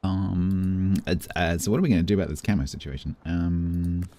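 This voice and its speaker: Male streamer, deep and warm, animated, chatty, thinking aloud while gaming. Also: normal speed. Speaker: game streamer. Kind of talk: casual live-stream commentary.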